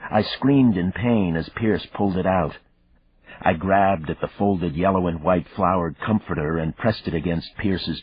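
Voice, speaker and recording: A man narrating a thriller audiobook in the first person, measured and even, in a dull, dry recording. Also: low-pitched, husky, no echo.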